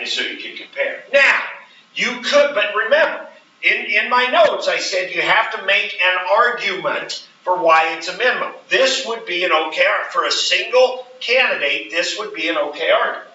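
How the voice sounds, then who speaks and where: A man teaches a classroom, walking the students through each step and checking in with them again and again. His voice is very bright and sharp, picked up from across a roomy classroom. The recording sounds dull and slightly muffled, with faint hiss underneath. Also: mid-range voice, recorded from a distance. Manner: explains step by step, checks in with frequent "right?". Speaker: math teacher. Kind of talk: classroom lecture.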